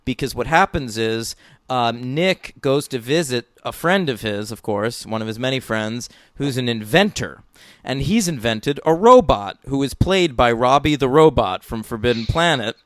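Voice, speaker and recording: A man's voice: mid-range voice, animated, normal speed, no room sound, clean studio sound. A man co-hosting a casual film podcast, talking in a blunt, profane, joking way. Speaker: podcast co-host.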